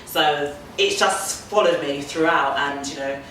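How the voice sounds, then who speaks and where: A woman's voice: sits low, a little slow, fairly bright tone, slight background noise. A British woman, an HR consultant and singer, chatting easily as an interview guest and often agreeing with "yeah" and "mm-hmm". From Britain. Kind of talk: relaxed interview conversation. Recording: echoey room, speaker far from the mic.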